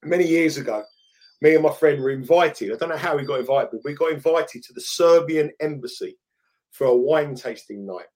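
Middle-aged English man, slightly high voice, loose rambling storyteller, podcast co-host. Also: a little fast, darkish tone. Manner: rambling anecdotes with restarts. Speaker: podcast co-host, betting pundit. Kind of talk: casual storytelling chat.

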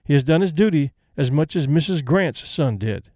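A man voicing a plain, restrained middle-aged female companion who speaks in a flat, dutiful way. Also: on the high side, normal speed, no room sound, clean studio sound.

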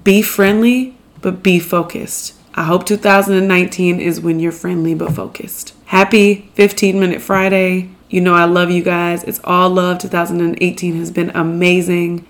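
A woman's voice: on the low side, flat delivery, normal speed, hardly any pauses. A young adult woman hosting a podcast, delivering an emphatic motivational monologue straight to her listeners. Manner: emphatic, pep-talk delivery. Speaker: podcast host.

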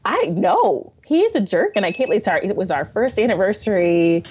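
A woman guest on a podcast, chatting casually as an animated storyteller who acts out the people she quotes. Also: mid-range voice, a little fast, a crowd in the background. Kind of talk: casual chat. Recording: dull lo-fi recording.

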